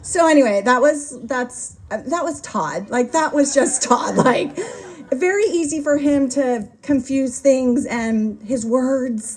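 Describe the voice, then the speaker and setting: A woman's voice: a little high, a little mellow. A woman telling a funny story about her late husband at his memorial, chatty and laughing as she goes. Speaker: wife giving a eulogy. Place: memorial gathering.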